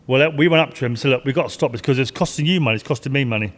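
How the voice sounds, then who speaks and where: A man's voice: medium pitch, rapid-fire, a bit bright. Older man, retired racer, rambling anecdotes with laughs; long reverb. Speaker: retired stock car driver. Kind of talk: casual storytelling interview.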